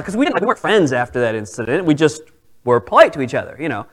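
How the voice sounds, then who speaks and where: A man's voice: a little high, fast talker, poor audio. A male pastor preaching a sermon, telling a personal story with acted-out dialogue. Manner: animated storytelling, acts out quoted dialogue.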